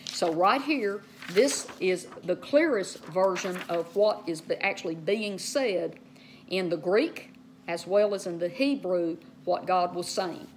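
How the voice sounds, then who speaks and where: A woman teaching Bible study in a casual way, often saying "okay", spelling out words and slowing down to stress key terms. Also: lowish voice, a little hiss or hum.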